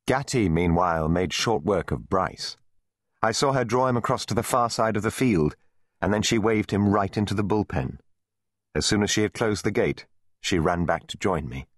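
A man narrating an audiobook for children with lively storytelling. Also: low voice, no echo, clean studio sound. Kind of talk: scripted narration.

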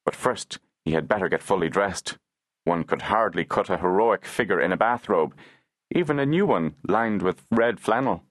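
Male audiobook narrator, very low voice, dry close studio sound, measured and unhurried delivery. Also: lively intonation, no echo.

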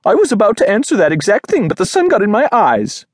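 Man voicing eager dog, rapid chatter, high bright pitch, storybook. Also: wildly swooping pitch, no room sound, studio quality, heavily acted.

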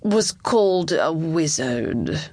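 A woman voicing a grave, nervous old gentleman chancellor who speaks slowly and deferentially in a children's storybook. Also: deep voice, sing-song, no echo, heavily acted. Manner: slow, deferential.

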